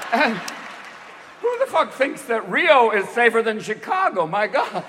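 A male stand-up comedian works the room with a high voice that leaps all over the place. He talks in a rapid, manic rush and keeps slipping into character voices. The recording carries a long echo and a loud, laughing audience behind him. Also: big pitch swings, noisy background. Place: live comedy club stage. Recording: echoing venue, loud crowd laughter.

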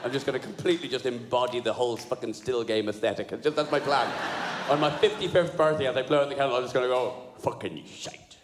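A man doing a stand-up comedy set, sweary and animated, laughing at his own jokes. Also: mid-range voice, fast talker. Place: live comedy venue. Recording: live venue, roomy hall echo, crowd noise.

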